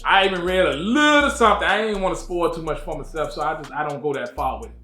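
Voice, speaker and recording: A man's voice: a little high, fast talker, pushed and bright, roomy sound. A man hosting his own channel, giving a casual, slangy episode review and talking straight to his viewers.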